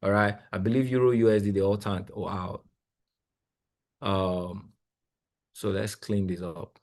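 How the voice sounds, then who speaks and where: A young man, coaching traders live while sharing his screen, talking in an excitable, exclamatory, rambling way with lots of repeats. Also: fairly low pitch, unhurried. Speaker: trading coach. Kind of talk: live screen-share trading analysis.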